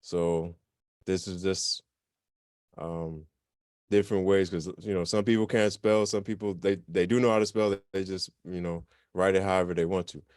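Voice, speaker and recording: A man with a fairly low, smooth and resonant voice leads a beginner language class. He explains things casually and keeps stopping to correct himself. The sound is dry and close to the mic. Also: normal speed, no echo. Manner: relaxed, self-correcting, chatty explanations. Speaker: language teacher. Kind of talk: informal online class.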